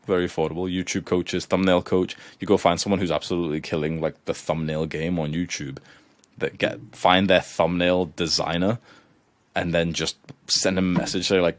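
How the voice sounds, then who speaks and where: A deep-voiced man lectures a class in a loose, filler-heavy way, building into blunt, profane urging. The sound is dry and close, with hardly any room around it. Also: steady tone, normal speed, no room sound. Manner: casual, heavy with fillers, grows heated and swears. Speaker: coach lecturing students. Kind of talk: live lecture.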